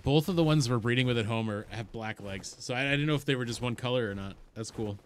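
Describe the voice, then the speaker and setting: A man streaming a game live while high, giving excitable, rambling commentary, swearing and talking to the creatures and his chat. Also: quick pace, slight background noise.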